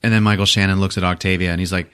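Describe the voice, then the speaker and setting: A man's voice: deep voice, rapid-fire, clean tone. A man hosting a podcast, recapping a movie casually with lots of swearing and 'like'. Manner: animated, profane, full of 'like'. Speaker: podcast host.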